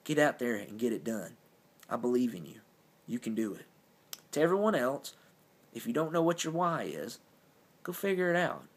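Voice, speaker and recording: A man's voice: mid-range voice, very animated, moderate pace, pauses often, husky. A young adult man speaking earnestly to camera in a casual motivational talk, upbeat and encouraging.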